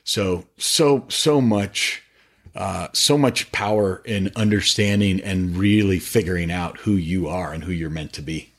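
A middle-aged man talking about faith on a podcast with eager, animated, preachy storytelling. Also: low-pitched, measured pace. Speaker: podcast guest, faith-based business owner. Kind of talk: casual podcast conversation.

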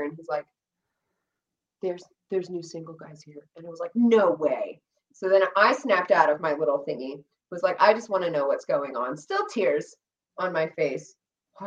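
A woman chatting casually on a podcast, telling a long story with animated delivery, quoting herself and others and swearing freely. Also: a little high, distant mic, highs cut off. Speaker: podcast co-host recounting reality show experience. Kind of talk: casual chat.

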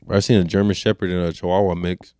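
A man's voice: low-pitched, little pitch movement, fast, darkish tone, smooth, no echo, clean studio sound. A man co-hosting a podcast, in casual chat and loose, joking, slangy banter. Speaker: podcast co-host.

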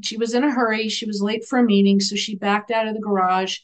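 A woman who works as an animal communicator tells a story as a guest on an interview show, earnest and gentle, acting out the dialogue. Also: medium pitch, fast talker. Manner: animated, acts out the dialogue in her stories.

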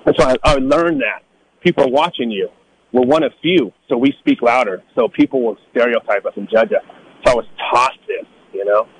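A middle-aged man from Northern California in a casual storytelling talk, animated, acting out the people he quotes in a higher voice. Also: fairly quick, slight background noise, rough recording. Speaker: guest telling life stories.

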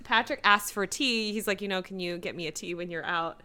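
A woman's voice: medium pitch, brisk, sharp tone, smooth. A young woman co-hosting a casual podcast, chatty and giggly, recapping a TV episode and acting out the characters' lines. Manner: chatty, giggly, acts out quotes. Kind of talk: casual chat.

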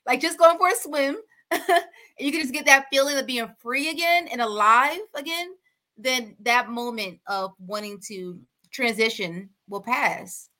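A woman coach speaks earnestly about her own experience, in a personal, open way. Her voice is bright and sharp and sits a little high. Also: a little slow. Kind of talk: panel chat.

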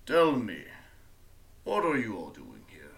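Imposing half-demon orc boss, low and commanding, voiced by a male game master. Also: wildly swooping pitch, slow, gravelly, fairly bright tone, exaggerated voice.

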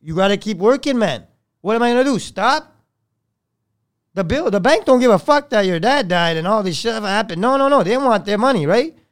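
A man with a notably high speaking voice talks as a podcast guest in a dry, close recording. He rambles and swears freely, his delivery rising and sinking with strong feeling as he tells his story. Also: expressive, normal speed, no room sound. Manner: rambling, swears often, voice swells and drops with feeling. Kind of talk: emotional conversational storytelling.

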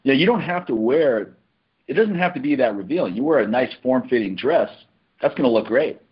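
A man co-hosting a podcast in casual chat, relaxed and chuckling, often repeating words as he starts sentences. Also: mid-range voice, a little fast, breathy edge, muffled recording. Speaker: podcast co-host.

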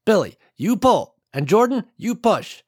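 A man voicing a brisk, motherly woman who directs the children with firm, affectionate orders. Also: high voice, very animated, husky, pitched above the performer's own voice, exaggerated voice.

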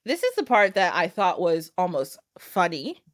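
Animated woman retelling a fairytale. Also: on the low side, moderate pace, no room sound, studio quality. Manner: animated, laughing, acts out quoted lines. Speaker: podcast host.

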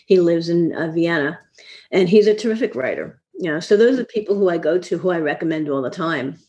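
Chatty older woman with a low voice. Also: a little fast, mellow, lo-fi sound. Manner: chatty, laughs often, trails off and restarts. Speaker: fiction editor, guest. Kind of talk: casual interview chat. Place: apartment.

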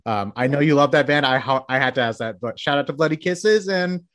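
Man interviewing, rambling and enthusiastic, mid-pitched voice, casual chat. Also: a little fast, a bit bright. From Texas. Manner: rambling, enthusiastic, frequent restarts. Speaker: interviewer and publication founder.

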